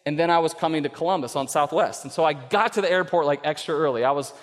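Middle-aged pastor, man, fairly high voice, storytelling sermon, long hall reverb. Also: fast. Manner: storytelling, swings to loud emphatic preaching.

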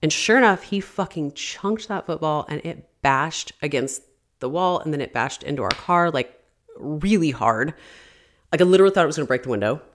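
Animated and low-voiced, a woman in her thirties hosts a podcast and tells a story at a moderate pace. Her chatty delivery is full of "like" fillers and frequent swearing.

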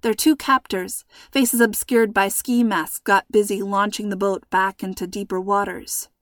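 A woman reading a scripted children's storybook in a measured, suspenseful manner, close to the mic. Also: medium pitch, fairly even intonation, dry recording. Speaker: narrator.

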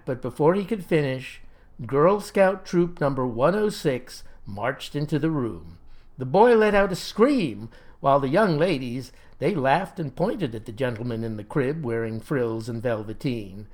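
A man telling a comic first-person story in a folksy, old-fashioned, deadpan sanctimonious manner. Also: mid-range voice, a little slow.

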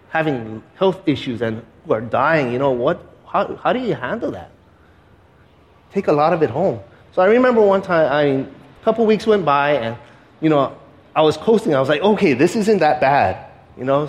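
Earnest man preaching. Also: mid-range voice. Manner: earnest, conversational, with many fillers and restarts; drops quiet and slow at heavy moments. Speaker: pastor. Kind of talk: sermon storytelling.

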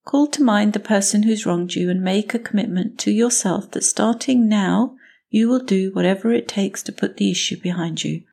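Woman, self-help podcast host, measured and instructive, husky with some fry. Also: mid-range voice. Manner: measured, gently instructive, speaks in steps and lists.

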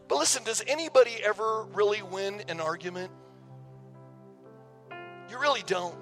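A man's voice: very high voice, steady tone, a little fast, vocal fry, sharp tone, long reverb tail, soft background music. A male pastor preaching a sermon in a conversational, emphatic way, often repeating words as he goes. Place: church sanctuary.

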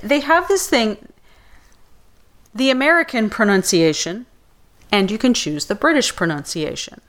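A woman co-host chats casually about a TV episode in a somewhat higher voice. She narrates her own clicking and searching as she goes. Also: lively intonation, unhurried, a bit bright. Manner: chatty, narrates her screen searching aloud. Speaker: podcast co-host. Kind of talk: casual chat reviewing a TV episode.

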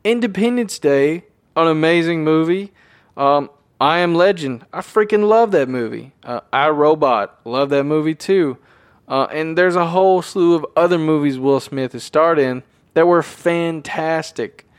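A man's voice: a little high, measured pace, clean tone, no echo. A man hosting his own show, talking off the cuff in a rambling, self-deprecating and emphatic way. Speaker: podcast host. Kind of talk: unscripted solo talk.

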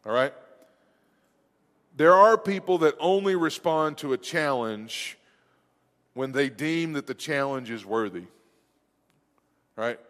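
A male pastor delivers a sermon in an easygoing, conversational way, circling back and restarting his phrases as he goes. His voice sits a little high for a man. It rings out with the long reverb of a church hall. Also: slow, long pauses, fairly bright tone. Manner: conversational, rambling with frequent restarts.

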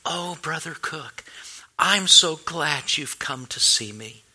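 A man voicing a sweet, frail elderly woman of about eighty-five, speaking softly and tenderly. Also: mid-range voice, sing-song, unhurried, exaggerated voice. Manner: soft, tender, then pointed.

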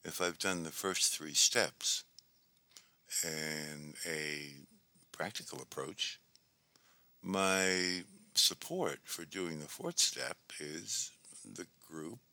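A man giving a reflective, measured talk on recovery, with pauses and fillers. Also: sits low, sharp tone. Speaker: speaker on twelve-step recovery.

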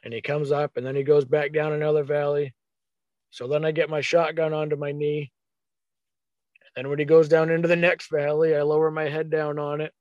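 Man, casual storytelling, somewhat high voice, dry close sound, muffled, acts out his thoughts. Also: fairly quick, dry recording. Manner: animated, acts out his own thoughts in quotes. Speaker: hunter telling a story.

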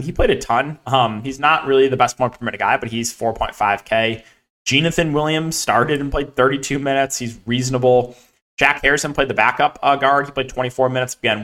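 A young man hosting a solo sports podcast, talking at a middle pitch in a loose, unscripted way. He rattles through player names and numbers and fills the gaps with plenty of ums and likes. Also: fairly bright tone. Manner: rapid, filler-heavy, lists names and numbers. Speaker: fantasy sports analyst. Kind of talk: casual solo podcast breakdown.

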